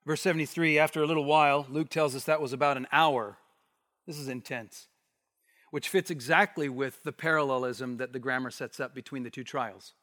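A man preaching an expository sermon, animated, acting out the voices in the passage he reads. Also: medium pitch, brisk, big-room sound. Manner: animated, acts out the bystanders' challenge.

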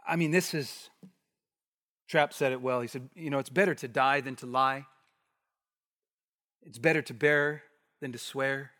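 A man preaching an expository sermon, animated, acting out the voices in the passage he reads. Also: medium pitch, measured pace, long pauses, long reverb tail. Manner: animated, acts out the bystanders' challenge.

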